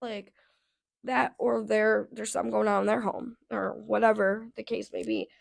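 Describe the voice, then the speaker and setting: A woman in her thirties telling a casual storytime rant, blunt and profane, her voice going hoarse, with lots of "like" fillers. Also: medium pitch, level tone, moderate pace. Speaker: vlogger.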